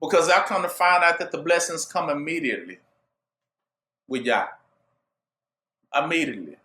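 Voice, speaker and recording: A man's voice: on the high side, big pitch swings, normal speed, bright, forceful tone, roomy sound. A man preaching a sermon, driving it with call-and-response and rhetorical questions to his listeners.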